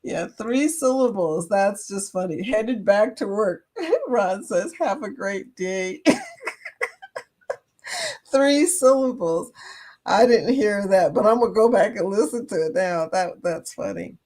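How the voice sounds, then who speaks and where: A woman's voice: mid-range voice, lively intonation, takes it slowly, darkish tone. Chatty, giggly woman hosting a live chat. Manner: chatty, silly, laughs often. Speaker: livestream host. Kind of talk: casual live chat reading comments.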